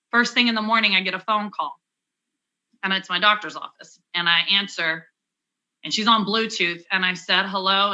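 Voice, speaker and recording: Bright-voiced young woman, candid storyteller. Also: medium pitch, poor audio. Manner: candid and conversational, with many fillers and restarts. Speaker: interview guest, cancer survivor. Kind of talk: personal storytelling in an interview.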